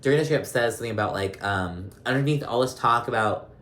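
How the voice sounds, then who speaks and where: A man casually recapping a reality show episode, chatty and gossipy, laughing often and filling pauses with ums. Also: medium pitch, a bit bright. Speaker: recap vlogger. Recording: roomy echo.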